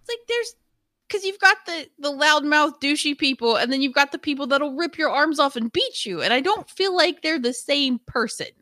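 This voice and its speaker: A woman's voice: sits high, animated, normal speed, sharp tone, no echo, clean studio sound. A woman co-hosting a live stream in casual chat, blunt and brash, swearing freely and mimicking people. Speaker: streamer co-host.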